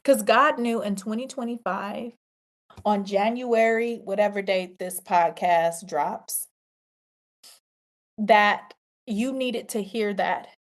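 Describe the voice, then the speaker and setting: A woman's voice: mid-range voice, slow pace. A woman hosting a podcast, giving a faith testimony and talking straight to her listeners, emphatic and repeating her key phrases like a preacher. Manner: talks straight to listeners, addressing them as y'all. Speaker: podcast host.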